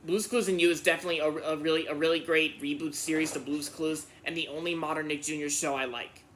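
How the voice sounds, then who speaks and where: Male channel host, bright and slightly high voice, halting delivery full of restarts, casual viewer Q&A. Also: steady tone, slight background noise. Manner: halting, repeats and restarts words often. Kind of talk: casual answering of viewer questions.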